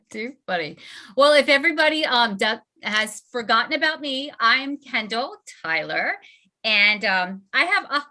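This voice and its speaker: A Southern woman hosts a relaxed online book club, chatting loosely with plenty of fillers. Her voice sits fairly high and sounds bright and forceful. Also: unhurried. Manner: chatty, filler-heavy, laughing often. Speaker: host. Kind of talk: casual webinar hosting.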